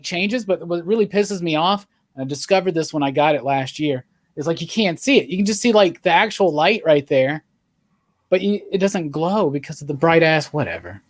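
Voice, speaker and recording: Laid-back streamer guy, slightly high voice. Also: expressive, moderate pace, no echo. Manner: laid-back, laughs often. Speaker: stream host. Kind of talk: casual chat.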